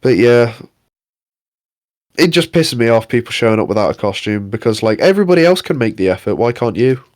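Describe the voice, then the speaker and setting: A young man rants on a casual podcast, exasperated and swearing freely. His voice sits at an ordinary middle pitch. The sound is close and dry, with no room around it. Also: expressive, a little fast, darkish tone, no room sound. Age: young adult. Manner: sweary, exasperated ranting with mock impressions. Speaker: podcast co-host. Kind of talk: casual ranting chat.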